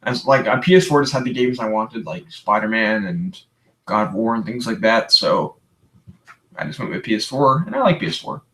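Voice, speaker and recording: A man's voice: lowish voice, expressive, normal speed, a bit bright. A young man from Canada hosting a livestream, chatting casually and rambling through viewer questions with many restarts, tired today. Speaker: livestream host.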